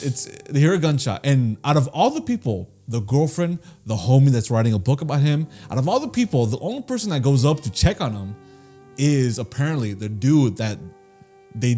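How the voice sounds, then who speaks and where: Animated, profane man telling a story. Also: mid-range voice, normal speed, soft background music. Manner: animated, profane, acts out quoted voices. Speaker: podcast co-host. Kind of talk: casual storytelling chat.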